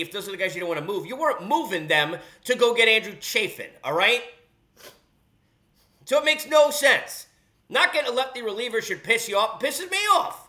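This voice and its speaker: A man with a high, sharp voice hosts a sports podcast, delivering a blunt, sarcastic, opinionated rant.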